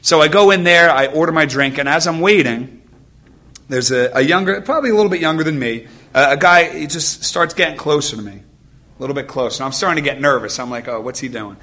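A man in his thirties shares personal stories in a sermon, his voice sitting somewhat high and ringing bright. He speaks earnestly and casually to a church audience, restarting words and checking in with "right?". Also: a little fast. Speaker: nurse giving a church talk. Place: church gathering with a live audience.

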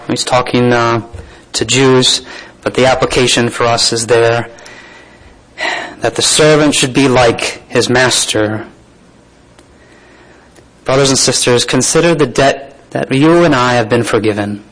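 Male preacher, mid pitch, reads scripture and adds informal comments to the congregation. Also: low-quality recording. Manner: reads scripture then comments with asides and soft laughs. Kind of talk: sermon.

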